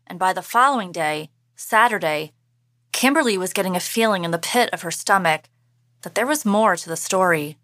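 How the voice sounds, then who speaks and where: A woman hosting a podcast, giving measured, scripted true-crime narration. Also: fairly low pitch, expressive, fairly bright tone, no room sound, studio quality.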